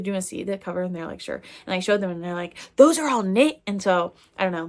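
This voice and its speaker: A woman's voice: on the low side, vocal fry. A young adult woman who makes crochet things, chatting casually to camera in a rambling way with lots of fillers. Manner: giggly, laughing hard. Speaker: crochet designer and vlogger.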